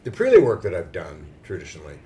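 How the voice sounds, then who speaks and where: A man from Australia, a voice actor being interviewed at a fan convention, telling stories in a playful, joking way with deadpan dark humor. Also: sits low, quick pace, a little hiss or hum. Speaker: voice actor guest.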